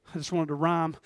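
A man preaching a sermon in a fervent, folksy way, moving between loud outbursts and hushed asides and chuckling often. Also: sits high, no room sound.

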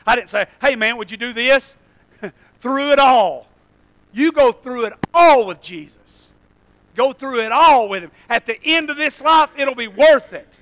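High-voiced, emphatic male preacher. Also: rough recording. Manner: swings between shouted climaxes and hushed, slow emphasis. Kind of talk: sermon.

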